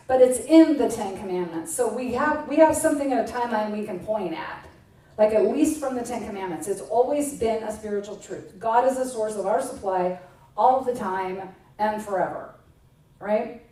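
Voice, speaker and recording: A woman's voice: fairly high pitch, lively intonation, normal speed, dark tone. A middle-aged woman minister giving a casual, conversational sermon, chatty and self-mocking, acting out bits of everyday talk. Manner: chatty and self-mocking, with playful acted-out quotes. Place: church sanctuary. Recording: echoey hall, voice from a distance.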